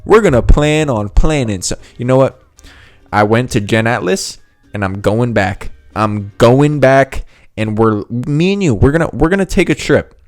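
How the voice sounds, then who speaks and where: A man's voice: medium pitch, measured pace, no room sound, faint music behind. Heated, profane man ranting about games. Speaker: gaming video host. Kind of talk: ranting reaction commentary.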